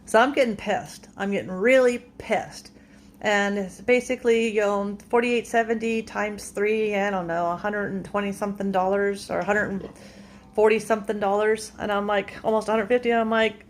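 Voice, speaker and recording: A woman's voice: medium pitch, steady tone, moderate pace, a little hiss or hum. A woman casually retelling a frustrating store run-in, exasperated and recounting every exchange. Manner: exasperated, retells the argument blow by blow. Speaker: vlogger. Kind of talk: casual complaint story.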